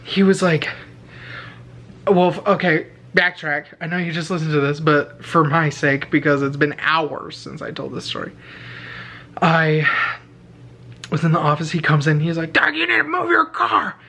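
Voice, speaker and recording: A man's voice: flat delivery, normal speed, long pauses, a bit bright, slight background noise. Chatty young man telling a story. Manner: chatty, laughing, quoting others in high voices. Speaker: vlogger, teacher. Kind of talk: casual storytelling from bed. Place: bedroom at night. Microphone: handheld camera held overhead.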